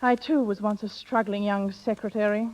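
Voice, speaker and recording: A woman's voice: mid-range voice, fairly even intonation, moderate pace, a little mellow, close to an everyday voice, poor audio. An actress playing a worldly older woman, a former secretary, coaxing and theatrical in a vintage radio drama. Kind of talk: 1940s radio acting.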